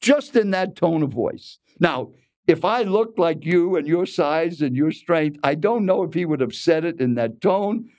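A man's voice: fairly high pitch, expressive, a little slow, a little mellow, dry recording, studio quality. A man in his eighties who coaches speakers, telling a story in a keynote talk and speaking straight to the listener. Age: 80s.

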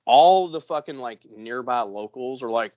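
A man's voice: mid-range voice, lively intonation, normal speed, darkish tone, dry recording. A man co-hosting a casual podcast, telling a long story full of swearing and rambling restarts, and acting out the voices of the people in it. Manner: profane, rambling storyteller who acts out other people's voices. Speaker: podcast co-host. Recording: dry, slightly dull podcast audio.

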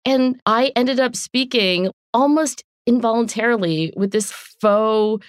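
A woman psychologist from Southern New Jersey co-hosting a podcast, chatting with eager, quick curiosity. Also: a little high, clean tone, dry recording, studio quality. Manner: enthusiastic, quick, inquisitive. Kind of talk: casual conversational podcast.

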